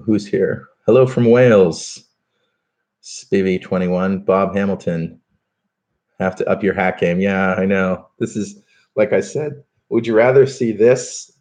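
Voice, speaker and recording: A podcast host with a deep, darkish-toned voice runs a live stream, chatting casually and reading viewer comments aloud, with plenty of fillers and restarts.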